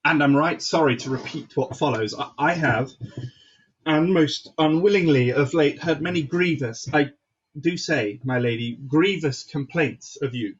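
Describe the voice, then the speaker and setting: A man playing a husky, grave king. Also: a little high, muffled recording. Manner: halting, with fillers and restarts. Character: grave king, commanding yet sorrowful. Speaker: stage actor. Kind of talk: Shakespearean stage acting.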